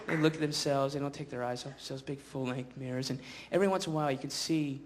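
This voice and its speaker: A man doing stand-up comedy on stage before a live audience, rambling and sardonic, slipping into quick voices. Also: mid-range voice, steady tone. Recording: live stage with noisy crowd.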